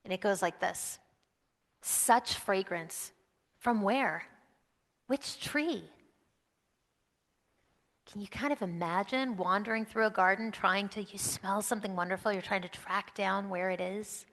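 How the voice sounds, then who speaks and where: A woman's voice: mid-range voice, steady tone, brisk, hardly any pauses, a bit bright, long reverb tail. A woman leading an interactive children's message during a church service, coaxing and encouraging the kids with lots of questions. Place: church sanctuary.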